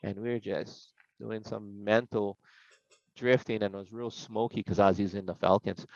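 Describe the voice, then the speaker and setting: A man's voice: on the low side, normal speed, vocal fry, no room sound. A middle-aged man tells stories casually as a podcast guest, acting out the voices he quotes. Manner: animated, acts out quoted voices. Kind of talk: casual storytelling. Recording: slightly dull, dry podcast sound.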